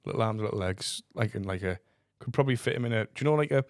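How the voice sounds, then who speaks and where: Rambling comedian, dry mic. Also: male voice, lowish voice, rapid-fire, no echo. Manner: rambling, self-mocking, full of "like" and restarts. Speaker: comedian and podcast co-host. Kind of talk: casual storytelling chat.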